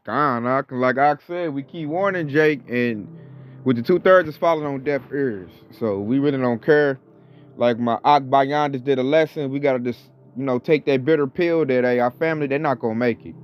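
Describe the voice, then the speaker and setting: A man's voice: medium pitch, normal speed, clear, resonant tone, lo-fi sound. A man co-hosting casual religious commentary in a blunt, rambling, slangy way. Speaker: co-host.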